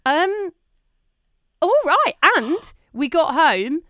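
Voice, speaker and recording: A woman's voice: drawn-out words, no room sound, clean studio sound. A woman in her thirties, co-hosting a casual chat podcast and telling stories animatedly, acting out quoted lines. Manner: animated storytelling, acting out quotes with big pitch jumps. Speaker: podcast co-host.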